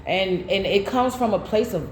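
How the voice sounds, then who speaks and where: A woman's voice: medium pitch, lively intonation, moderate pace. A woman tarot reader speaks straight to her viewers in loose, slangy casual chat. She tells the story with lots of animation. The room is echoey, with a faint hiss underneath.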